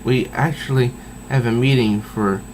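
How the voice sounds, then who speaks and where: A man's voice: medium pitch, fairly even intonation, measured pace, a little mellow, a little hiss or hum, natural voice. A man voicing a busy woman who politely brushes someone off, read aloud from a comic. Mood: apologetic.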